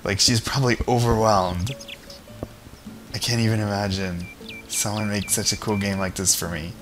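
Game music plays behind a man commentating casually on his gameplay, his voice on the low side with fairly even intonation at normal speed. This let's play gamer is chatty and pokes fun at himself, addressing the on-screen characters.

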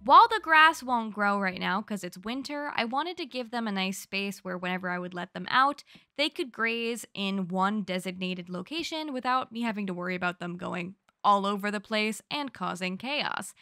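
A young woman narrating a recap of her gameplay in a chatty, gushing, animated way, close to the microphone. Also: medium pitch, normal speed, no room sound. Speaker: gaming YouTuber.

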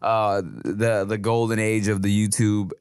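A man's voice: on the low side, flat delivery, a little slow, a little mellow, clear, resonant tone, no room sound, studio quality. A man co-hosting a podcast, chatting in a laid-back, slangy way. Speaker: podcast co-host. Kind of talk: casual chat.

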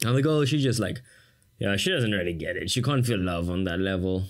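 A man's voice: fairly low pitch, fairly quick. A man from South Africa with a South African accent, giving a casual exam-prep lesson as a tutor with sarcastic, jokey asides to the viewer.

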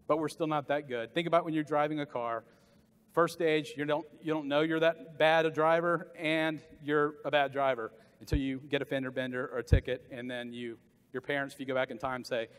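A middle-aged man from the American South giving a motivational sales talk at a conference, animated and jokey, acting out voices for the people he quotes. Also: fairly high pitch. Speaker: keynote sales speaker. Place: large conference hall. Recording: long hall reverb.

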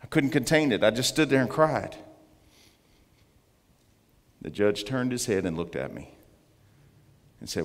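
A man giving an earnest testimony as a guest speaker in church, slowing down to stress his points. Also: fairly low pitch, lively intonation. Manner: earnest storytelling, slowing for emphasis. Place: church sanctuary. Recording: long church reverb.

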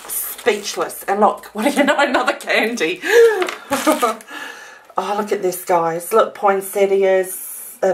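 A woman from Australia opening a handmade craft gift in a casual vlog, gasping and gushing over every detail. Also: mid-range voice.

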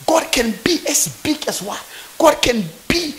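A male pastor preaches at a church conference, his voice sitting unusually high for a man. He swings widely in pitch, calling out questions for the crowd to answer. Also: big pitch swings, a little slow, hardly any pauses. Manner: fervent preaching with call-and-response questions. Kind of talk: sermon.

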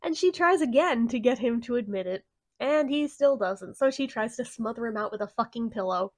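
A woman's voice: fairly high pitch, animated, moderate pace, dry recording. A young woman giving a casual, profane movie plot recap, laughing often as she tells the story. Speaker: movie reviewer.

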